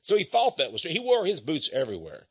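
Older man, lively rambling radio voice. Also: on the high side, fast talker, husky, lo-fi sound. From Texas. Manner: folksy, rambling, building to angry emphasis. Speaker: radio host. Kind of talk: radio talk monologue.

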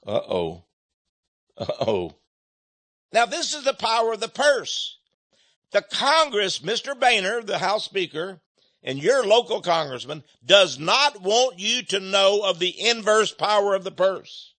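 A man's voice: sits high, sing-song, a little slow, bright, forceful tone. A man hosting a radio commentary show, talking in an emphatic, mocking way.

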